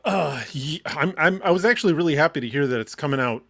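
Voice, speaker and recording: A man from Michigan co-hosting a casual live entertainment show, excitable and swearing freely, laughing often. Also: on the high side, fast talker, creaky. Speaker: co-host. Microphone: wired mic on a short cord.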